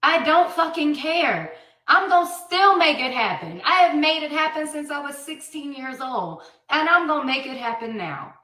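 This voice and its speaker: A woman in her thirties tells her story bluntly and without filter, swearing freely and hammering her points home. Her voice sits fairly high and sounds sharp and bright. It carries the echo of a roomy space, with the mic some distance away. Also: big pitch swings, normal speed, hardly any pauses. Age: 30s. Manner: blunt, profane and emphatic. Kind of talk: candid personal account.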